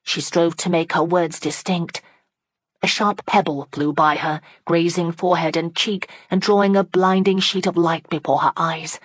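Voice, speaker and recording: Woman audiobook narrator, steady dramatic read, low voice, no room sound. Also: moderate pace, dry recording. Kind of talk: scripted narration.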